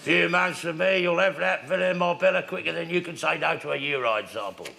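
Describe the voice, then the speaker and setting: A smarmy cab boss. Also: male voice, on the high side, brisk, creaky, pushed and bright, a little hiss or hum, exaggerated voice. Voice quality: smarmy, oily salesman patter. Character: smarmy wheeler-dealer minicab boss, middle-aged man. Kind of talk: comedy sketch.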